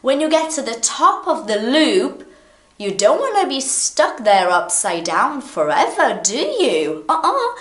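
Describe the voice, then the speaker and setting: A woman whose first language is Portuguese, teaching an English pronunciation lesson to camera in a playful, animated way and repeating words slowly to demonstrate. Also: fairly high pitch. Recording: echoey room.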